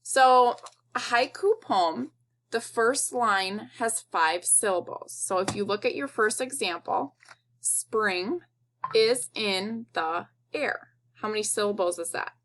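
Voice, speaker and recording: A woman teacher talks through a recorded video lesson for young children. Her voice sits in a middle pitch, and she takes her time, slowly and patiently spelling things out in a kid-friendly way. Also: fairly bright tone.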